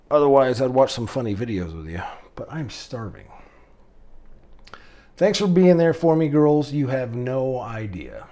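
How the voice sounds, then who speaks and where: Emotional fatherly man, low lively voice. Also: gravelly. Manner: rambling, emotional, fatherly advice. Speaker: father talking to his daughters. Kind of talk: heartfelt vlog monologue to camera.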